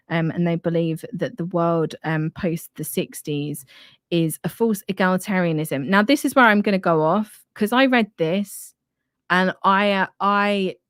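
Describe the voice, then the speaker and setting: A young woman with a strong Estuary English accent, her voice sitting low for a woman. She talks in a frank, chatty way and swears casually. The sound is close and dry, with no room around it. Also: dry recording. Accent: Estuary English, London area. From England, near London. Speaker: podcast host. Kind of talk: casual live-stream discussion.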